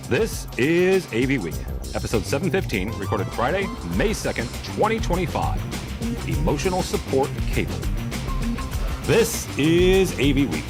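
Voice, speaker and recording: Lively-voiced male news podcast host. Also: on the low side. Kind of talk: reading tech industry news.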